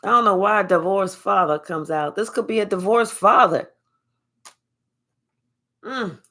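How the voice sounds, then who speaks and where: Woman tarot reader, middle-pitched, casual and profane, animated delivery with drawn-out emphasis. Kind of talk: casual spiritual reading to camera.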